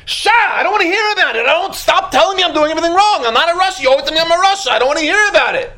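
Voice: lively intonation, very fast, sharp tone, heavily acted. Speaker putting on a whiny, defensive driver. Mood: annoyed. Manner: whiny, defensive, raised pitch. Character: irritated driver brushing off warnings, man.

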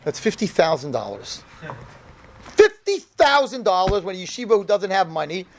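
A rabbi with a high-sitting voice speaks at a normal pace, delivering a humorous storytelling sermon to a room of yeshiva students. He's animated throughout and acts out the quoted dialogue.

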